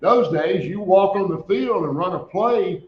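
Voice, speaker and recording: A man's voice: high voice, lively intonation, unhurried. Older male guest, spins stories with frequent chuckles, echoey dull audio. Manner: chuckling storyteller, laughs often. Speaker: guest, former quarterback. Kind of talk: storytelling in a radio interview.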